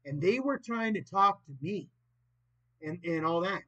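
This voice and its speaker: A man in his late twenties vlogging in a rambling, profane monologue that swings between loud and soft. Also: sits high, expressive, a little slow. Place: old property in the countryside. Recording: dull lo-fi recording.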